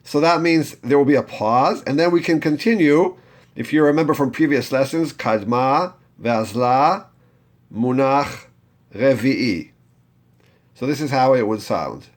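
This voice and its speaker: Teaching chanting step by step, a man with a somewhat high, expressive voice speaks fairly quickly. As a Torah reading teacher, he patiently coaches learners and has them repeat his lines.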